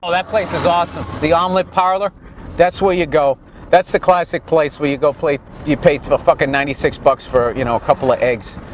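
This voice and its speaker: A man's voice: fairly high pitch, fairly even intonation, brisk, slight background noise, poor audio. A man vlogging outdoors as he moves down a street, riffing in a crude, sarcastic, comedic way. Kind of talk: profane comedic ramble while riding down a street. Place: outdoors on a city street, moving.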